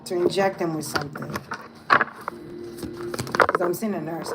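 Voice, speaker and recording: A woman's voice: low-pitched, a little slow, heavy background noise. A woman giving a casual tarot reading, thinking aloud in a hesitant, musing way. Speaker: tarot reader.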